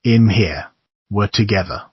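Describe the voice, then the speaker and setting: A man's voice: fairly low pitch, unhurried, breathy edge, dry recording, highs cut off. A man voicing a dazed young man who talks dreamily, as if from far away. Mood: dreamy. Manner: dreamy, faraway.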